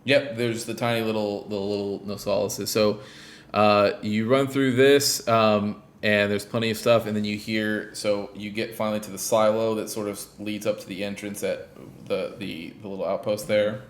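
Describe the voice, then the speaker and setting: A man's voice: fairly low pitch, flat delivery, normal speed. A man hosting a gaming podcast, casually recapping a game in a rambling way, in a roomy echoey space. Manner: rambling, lots of fillers and restarts. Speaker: podcast host. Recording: roomy echo.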